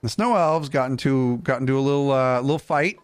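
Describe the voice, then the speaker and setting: A man hosting a casual gaming podcast, animated and jokey, with quick asides. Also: mid-range voice. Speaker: podcast host.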